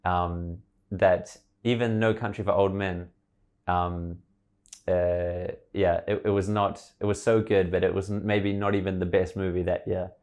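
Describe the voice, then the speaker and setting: Deep-voiced man hosting a chatty podcast. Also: little pitch movement, measured pace, darkish tone. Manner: chatty, enthusiastic, rambling. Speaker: podcast host. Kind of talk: casual conversation.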